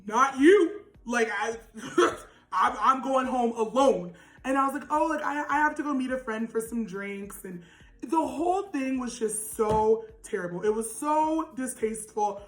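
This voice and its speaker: A young woman with a naturally loud voice telling a storytime vlog, animated and laughing, with lots of "like". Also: fairly high pitch, unhurried, roomy sound, soft background music, poor audio. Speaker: vlogger.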